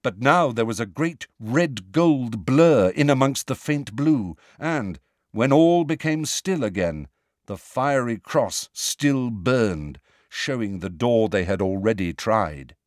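Male narrator, audiobook reading, expressive, lively rise and fall, dry close sound. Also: medium pitch, slow, no room sound.

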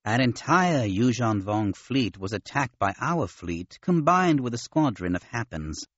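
A man voicing a polite, modest male alien commander with a nasal, gentle manner. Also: mid-range voice, big pitch swings, a little slow, no echo, highs cut off. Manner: gentle, courteous.

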